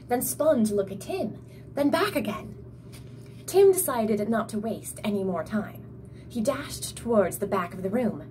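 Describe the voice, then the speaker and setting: A young woman with an energetic, bubbly manner, reading her own children's story aloud. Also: mid-range voice, slight background noise. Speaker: storyteller and author.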